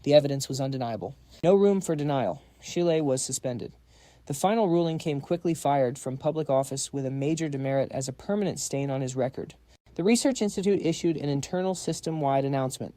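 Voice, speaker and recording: A man reading a scripted story recap in an even storytelling manner. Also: medium pitch, fairly quick, dry recording, studio quality. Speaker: recap narrator. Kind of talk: scripted narration.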